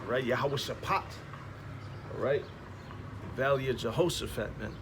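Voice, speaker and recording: A man's voice: medium pitch, normal speed. A man street preaching in a slangy, emphatic way, peppering his talk with "man, all right?" outdoors beside passing traffic.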